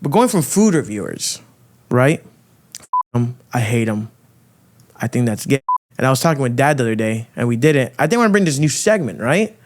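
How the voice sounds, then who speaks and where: A man hosting a podcast, delivering a loud, crude, provocative rant full of swearing. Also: mid-range voice, sing-song, brisk, long pauses, slight background noise. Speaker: podcast host. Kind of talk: ranting monologue.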